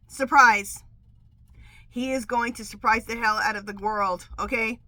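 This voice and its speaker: A middle-aged woman hosting a casual tarot vlog, chatty and animated, saying "okay?" constantly and laughing often. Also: fairly high pitch, normal speed, dry recording, poor audio. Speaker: tarot reader and channel host. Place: outdoors at home.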